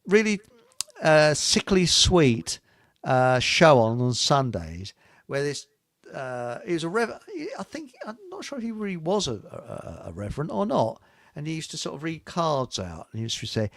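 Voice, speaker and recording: Bloke rambling and chuckling on a radio chat show, slightly high voice, dry close sound. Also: male voice, sing-song, a little slow, dry recording. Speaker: host.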